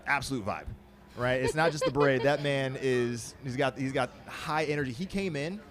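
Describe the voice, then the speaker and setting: A man reporting live on a race, out of breath, recapping runner positions in a quick, chatty way. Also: mid-range voice, fairly bright tone.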